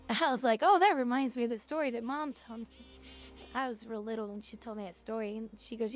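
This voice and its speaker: A young woman streaming and chatting in a casual, rambling way, with blunt opinions. Her voice sits a little high. Faint music plays underneath. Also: fairly even intonation, normal speed. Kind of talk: casual livestream chat.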